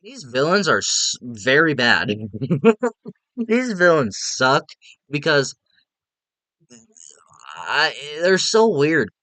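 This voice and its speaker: A man's voice: a little high, very animated, slow, pauses often, pushed and bright, no room sound. A man giving a casual, rambling film review, repeating himself and laughing at the movie.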